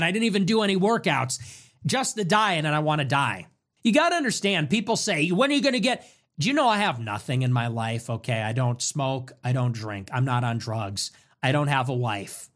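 A young man hosts his own livestream in a rant, his voice set a bit high and swinging wildly up and down. He whines and exaggerates, stacking up list after list of complaints and jumping between mock despair and sudden outbursts. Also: sing-song, normal speed, fairly bright tone. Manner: repetitive, piling up lists. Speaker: livestream host.

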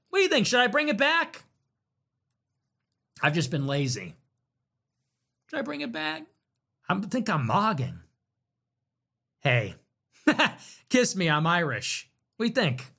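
A man hosting a livestream reads donations and reacts in an animated, sarcastic, provocative and jokey way while chatting casually. His voice is high with vocal fry, he talks a little slowly, and he pauses often.

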